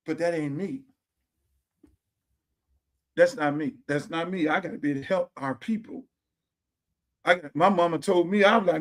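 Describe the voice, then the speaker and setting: A man's voice: a little high, normal speed, pauses often. A man in his sixties hosting a podcast, talking in an impassioned, preachy way, repeating himself and swearing freely. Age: 60s. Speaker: podcast host. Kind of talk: casual monologue. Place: home theater room.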